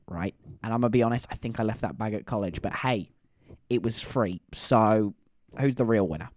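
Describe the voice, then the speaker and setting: A man's voice: mid-range voice, a little mellow, dry recording. Chatty young man, dry sound. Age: young adult. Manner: chatty, rambling with fillers. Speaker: vlogger. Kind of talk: casual storytelling to viewers.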